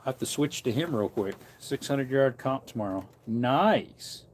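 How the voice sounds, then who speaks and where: A man's voice: mid-range voice, expressive, a little slow. A man who preaches, chatting casually on a livestream from an outdoor porch and wandering between topics as he reads comments aloud.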